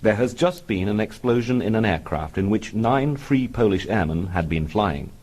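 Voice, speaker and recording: A man reading a comic memoir aloud in a dry, deadpan manner. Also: on the low side, breathy edge, low-quality recording. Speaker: comic narrator.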